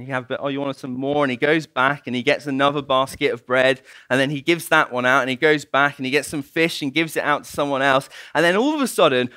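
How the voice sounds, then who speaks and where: A man giving a sermon as a guest preacher, telling a story in an animated way and laughing often. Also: a little high, no echo.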